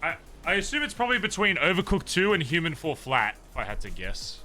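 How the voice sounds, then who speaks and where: Bright-voiced rambling male streamer. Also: fairly high pitch, huge pitch swings, fast, faint music behind. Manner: rambling, frequent swearing and fillers. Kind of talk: casual chat with stream viewers.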